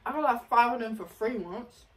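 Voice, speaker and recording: A woman's voice: on the high side, normal speed, recorded from a distance. A young woman, teasing and bantering playfully in a casual vlog. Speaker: vlogger. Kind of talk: casual chat. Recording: noisy background.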